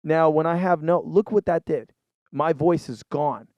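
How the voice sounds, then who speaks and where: A man with a fairly high voice talks a little slowly, his tone a bit mellow, in a dry recording with dull audio. He hosts a laid-back music tutorial, loosely demoing a live mixer through a vocal mic, demonstrating with his voice and saying "dude" often.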